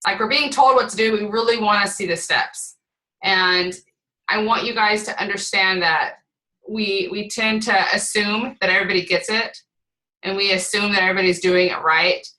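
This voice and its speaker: A woman leading a team call, coaching in an energetic way, repeating points and often checking in with "right?". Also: mid-range voice, moderate pace, low-quality recording. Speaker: team leader on a group call. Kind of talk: motivational coaching talk.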